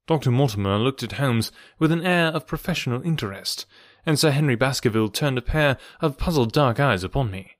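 A man giving a steady, scripted narration of a classic detective story. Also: medium pitch, fairly quick, few pauses, no echo, studio quality. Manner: steady, even storytelling delivery. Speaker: audiobook reader.

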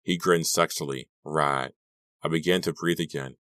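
Super deep voiced guy reading an audiobook, steady storytelling, dry close mic. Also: fairly quick, no room sound. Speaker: audiobook reader. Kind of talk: scripted first-person narration.

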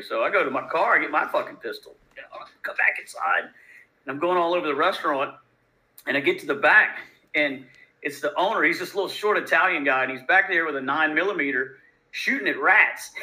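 A man from Louisiana, a bartender guest telling profane, animated stories in a casual interview. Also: a little high, a little fast, poor audio. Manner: profane, animated, laid-back. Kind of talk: casual storytelling.

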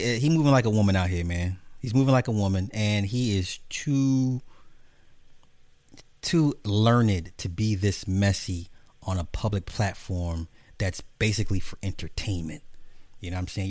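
Profane, animated man ranting on camera. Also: dry recording. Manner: profane, animated, mocking, jumps into high mimicking voices. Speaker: commentary host. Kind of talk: ranting commentary monologue.

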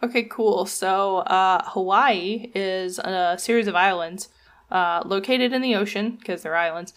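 A woman's voice: medium pitch, measured pace, fairly bright tone. Wry woman podcaster. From American South. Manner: wry, joking, playful. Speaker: podcast co-host. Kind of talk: casual chat, reading researched notes.

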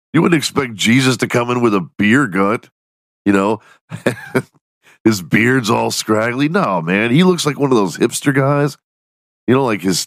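Man, casual comedy podcast host, profane, laughs a lot, very low voice, dry close sound. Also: dry recording. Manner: profane, joking, laughs often.

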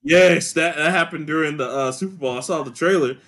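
A man's voice: on the high side, a little fast, a bit bright. A young man co-hosting a podcast in casual chat, laid-back, laughing often and swearing freely. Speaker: podcast co-host.

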